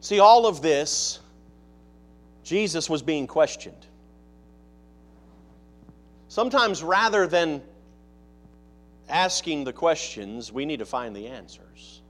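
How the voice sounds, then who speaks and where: Guy preaching a sermon, kinda high voice, lots of questions to the crowd, gets loud then real quiet. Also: lively intonation, slow pace, long pauses. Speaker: pastor.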